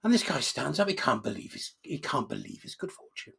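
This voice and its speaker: A man with a gravelly voice telling crude jokes in a rambling, mocking comic monologue. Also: a little high, big pitch swings, fairly quick, fairly bright tone. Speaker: commentator.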